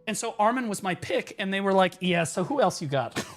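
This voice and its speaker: A young man telling a story on stream in a profane, excitable way, now and then bursting into shouts. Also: high-pitched, brisk, faint music behind. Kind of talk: animated storytelling rant.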